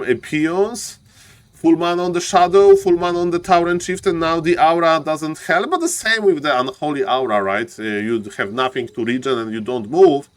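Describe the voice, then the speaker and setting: Excitable high-voiced male game caster. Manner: excitable, repeats "ladies and gentlemen", rises to loud urgent calls. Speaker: esports caster. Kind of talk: live game commentary.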